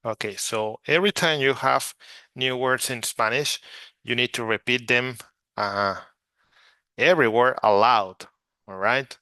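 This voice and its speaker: A man's voice: mid-range voice, a little slow, bright, forceful tone, no echo. A man from Mexico teaching Spanish vocabulary from slides, repeating each word patiently so learners can practice. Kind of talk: slide-based language lesson.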